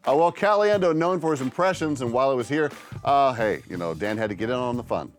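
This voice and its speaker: A man's voice: mid-range voice, expressive, fast, faint music behind. Upbeat male host tossing questions. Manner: upbeat, tosses questions to others. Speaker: radio show host. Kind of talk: casual studio chat, segment links.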